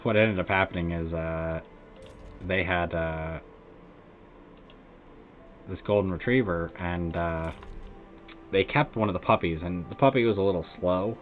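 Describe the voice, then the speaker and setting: This American game streamer has a low voice and takes his time, leaving long pauses as he rambles through a casual story packed with "like" and "uh." The audio sounds tinny, almost like a phone, with faint music in the background.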